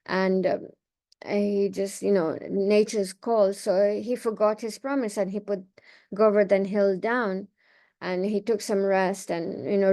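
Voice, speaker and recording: A woman leading a scripture reading class, retelling a sacred story in a relaxed, conversational way. She often pauses on fillers and restarts her sentences. Her voice sits at a middle pitch for a woman. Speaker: class speaker.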